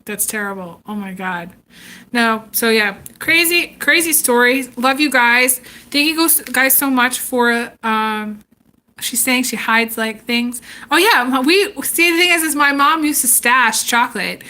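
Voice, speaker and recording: High, bright-voiced chatty woman. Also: measured pace. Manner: animated, laughs often, acts out quoted voices. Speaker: tarot reader chatting on a live stream. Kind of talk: casual storytelling chat.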